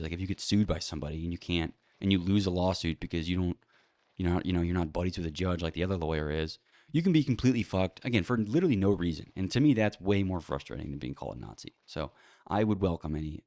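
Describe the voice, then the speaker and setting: A man's voice: low-pitched, fast talker, a little mellow, no echo. A man hosting a solo talk show, rambling bluntly with many fillers and restarts. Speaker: podcast host. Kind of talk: casual solo commentary.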